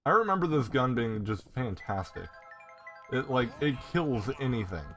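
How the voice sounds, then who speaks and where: An excitable male gamer talking through his play in a lively voice that swings up and down, swearing freely. Game music runs clearly underneath him. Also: mid-range voice, normal speed. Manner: excitable and profane, swears often. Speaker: gameplay commentator. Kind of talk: casual gameplay commentary.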